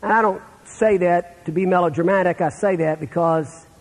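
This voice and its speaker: Middle-aged guy preaching, husky and kinda high, big hall echo. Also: steady tone, normal speed. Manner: storytelling, dropping to a hush for sad moments. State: terminal illness, on breathing treatments. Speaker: pastor. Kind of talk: sermon.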